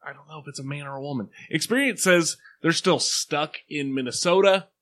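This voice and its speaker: A man co-hosting a podcast in casual chat, relaxed and unhurried, in a plain everyday voice. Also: a little high. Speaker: podcast co-host.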